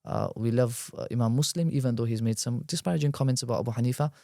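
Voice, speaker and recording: A man, a guest scholar, explaining at length in a podcast discussion, quick and animated, weaving in Arabic terms. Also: medium pitch, gravelly, dry recording, studio quality.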